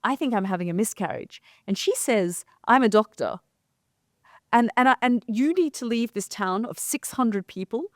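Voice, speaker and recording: A woman's voice: fairly high pitch, lively intonation, normal speed, no echo, clean studio sound. A woman co-hosting a conversation show, recounting a reporting trip and acting out the lines of the people she met. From came from London. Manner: vivid storytelling, quoting others in dialogue. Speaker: journalist and co-host. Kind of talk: casual storytelling conversation.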